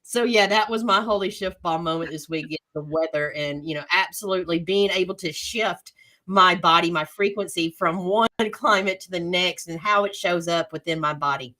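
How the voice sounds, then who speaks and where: A woman's voice: on the low side, normal speed, sharp tone. A woman from the United States co-hosting a podcast, chatting with enthusiasm. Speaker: podcast co-host. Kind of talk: casual chat.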